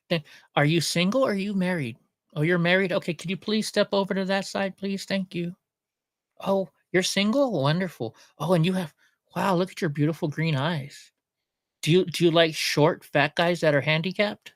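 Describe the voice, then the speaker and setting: A man's voice: fairly high pitch, moderate pace, fairly bright tone, no room sound, clean studio sound. A middle-aged man from Alaska hosting a casual livestream, rambling and joking as he reads chat comments aloud. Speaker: livestream host.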